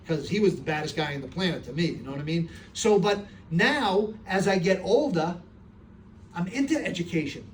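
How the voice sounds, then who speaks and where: Middle-aged man, streetwise and earnest, speaking to a room from a distance with faint noise behind, voice sitting a bit high. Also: fast talker. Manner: streetwise, earnest, tells stories with acted voices. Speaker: speaker answering audience questions. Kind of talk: live audience Q&A. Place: room with a live audience.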